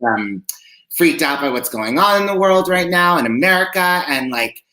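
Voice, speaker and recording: A man's voice: a little high, animated, moderate pace, bright, forceful tone, echoey room. A man co-hosting a livestream talk show from his home kitchen, chatting in a campy way with lots of fillers. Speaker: co-host. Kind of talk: casual chat.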